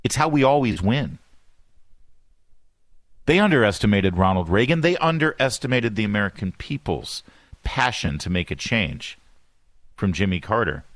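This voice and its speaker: A man hosting a talk radio show, excitable and self-deprecating, with rambling asides, on a studio microphone. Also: on the low side, moderate pace, pauses often, no room sound.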